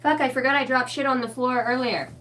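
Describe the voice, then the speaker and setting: A woman giving a rambling spiritual tarot reading, excitable and swearing constantly in a stream-of-consciousness flow. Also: high voice, brisk, far from the mic, slight background noise. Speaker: tarot reader.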